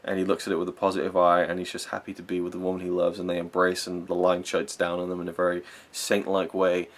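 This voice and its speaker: A man's voice: low-pitched, completely flat delivery, fast. A young man giving a rambling, enthusiastic spoken film review, full of fillers and self-corrections.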